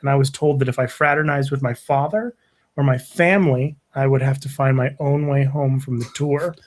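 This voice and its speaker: A man's voice: mid-range voice, normal speed. A man, a podcast guest, telling a story in casual chat, swearing and acting out what others said. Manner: animated, acts out quoted voices, swears often.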